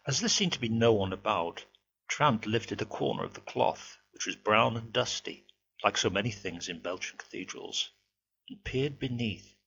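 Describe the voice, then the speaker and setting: Reading a ghost story aloud, this male narrator stays measured yet expressive, his mid-range voice very gravelly with a bright, forceful edge. His home setup gives a dull, lo-fi sound with a faint hum behind it.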